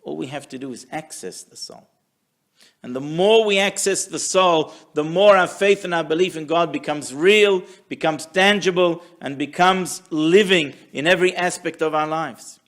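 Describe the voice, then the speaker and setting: Gravelly-voiced rabbi giving his weekly class, bit high voice, tells stories w/ lots of life. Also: moderate pace. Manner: animated storyteller, acts out quotes. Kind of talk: storytelling Torah lesson.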